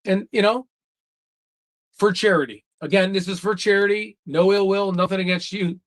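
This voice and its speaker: A man hosts a livestream in a heated rant, cursing and hammering the same taunts over and over. His voice sits fairly high and sounds dry and close. The sound has no room echo. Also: fairly even intonation, moderate pace. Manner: heated, profane, repetitive taunting. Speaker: livestream host.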